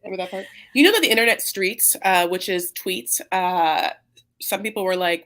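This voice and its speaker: A woman's voice: medium pitch, moderate pace, fairly bright tone. A woman co-hosting a casual podcast, chatting and rambling with lots of fillers and restarts. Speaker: podcast co-host recapping a reality show. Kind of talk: casual chat.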